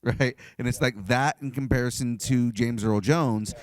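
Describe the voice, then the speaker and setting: A man's voice: mid-range voice, fairly even intonation, moderate pace. A young man hosting a podcast interview, chatty and enthusiastic as a fan. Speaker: podcast host. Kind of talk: casual interview.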